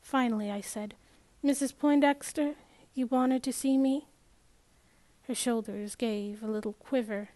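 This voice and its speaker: A woman reading a first-person novel aloud in a measured way, with small restarts and slips. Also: fairly high pitch, darkish tone, no room sound. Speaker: audiobook narrator.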